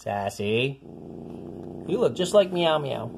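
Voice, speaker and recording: A woman's voice: rumbling low, big pitch swings, takes it slowly, vocal fry, darkish tone, slight background noise. A woman filming her cats at home, coaxing and calling them in a sing-song baby-talk voice. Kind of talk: cooing baby talk to pets. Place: house with pets.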